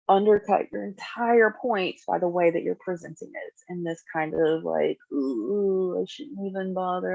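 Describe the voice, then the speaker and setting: Gravelly-voiced woman teaching a skills class. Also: lowish voice, no room sound. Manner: conversational, acts out example dialogue in lively voices. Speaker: skills group therapist. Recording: dull, dry lo-fi recording.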